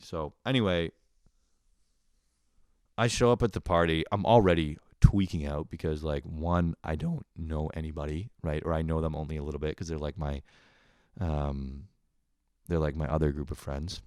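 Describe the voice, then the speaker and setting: A man's voice: low voice, fast talker, dry recording, clean studio sound. A man hosting a podcast, telling a casual comedic story with lots of swearing and acting out his own panicked inner voice. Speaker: podcast host.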